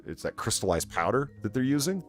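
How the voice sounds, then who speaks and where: A man's voice: medium pitch, sing-song, fairly quick, faint music behind. A man hosting a casual chat show, chatting and reading out viewer messages. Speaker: podcast host reading donations.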